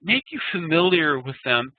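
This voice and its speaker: A man teaching an online class, explaining terms and slowly chanting Sanskrit verses. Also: fairly high pitch, sing-song, no room sound. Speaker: Ayurveda teacher. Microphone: video call. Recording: tinny phone-like web call audio.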